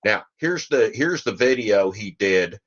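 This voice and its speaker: A man's voice: fairly low pitch, lively intonation, a little slow, fairly bright tone, highs cut off. A man hosting a podcast, giving rambling, sardonic commentary and often repeating himself. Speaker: podcast host.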